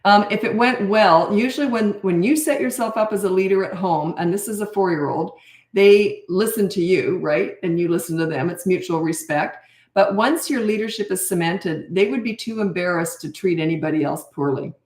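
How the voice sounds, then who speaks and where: A Canadian parenting coach in her sixties answers viewer questions during a live Q&A, sounding candid, chatty, and self-deprecating. Her mid-range voice has a darkish tone and moves at normal speed, with a roomy sound around it.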